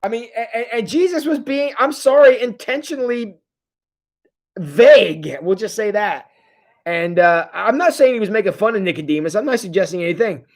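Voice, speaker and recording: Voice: medium pitch, animated. A pastor giving a casual, joking livestream sermon and reading viewer comments aloud, often stopping and restarting mid-sentence. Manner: jokey, conversational, halting restarts. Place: church.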